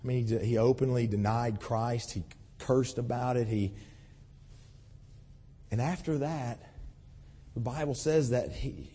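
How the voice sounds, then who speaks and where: Mellow-voiced male preacher in a reverberant hall. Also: mid-range voice, measured pace, pauses often, husky. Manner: earnest, explanatory storytelling. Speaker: pastor. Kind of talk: conversational sermon with scripture reading.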